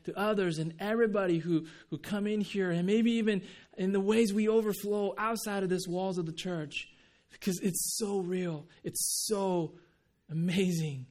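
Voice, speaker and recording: Guy pastor sharing his testimony, kinda high voice, earnest, chatty, keeps restarting. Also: fairly even intonation, normal speed, a little mellow. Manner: earnest, conversational, many restarts and laughs. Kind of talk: sermon with personal testimony.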